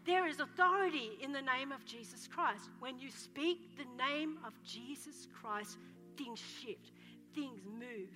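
A woman pastor delivers a fervent sermon, her voice high and bright. She tells her stories with drama and sometimes breaks into joyful shouts. The sound carries a long hall reverb, with faint music behind her. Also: animated, slow pace. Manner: passionate, dramatic storytelling with shouts. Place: church hall.

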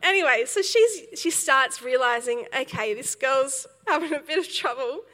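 A young woman giving a sermon, telling a story in a lively way with laughs and acted quotes. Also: sits high, moderate pace, long reverb tail. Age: young adult. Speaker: speaker at a church service.

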